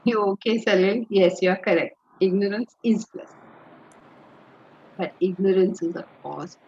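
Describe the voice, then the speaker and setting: A woman with an Indian accent teaching a spiritual lecture, telling stories with lively energy and dropping into Hindi phrases. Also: medium pitch, a little slow. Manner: animated storytelling, slips into Hindi phrases. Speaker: Vedanta teacher. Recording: dull lo-fi audio.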